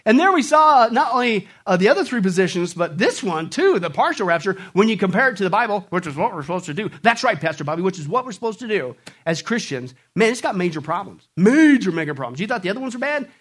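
Male pastor, sermon, high voice, big swooping pitch, jokey and animated, call-and-response with the congregation. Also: fast talker. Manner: animated, acts out jokes and mocking voices, calls on the congregation to respond.

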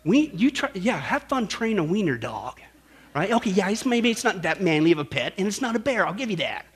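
A pastor preaching a sermon in a jokey, emphatic way, rising to loud exhortations. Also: male voice, sits high, sing-song, a little fast, breathy edge.

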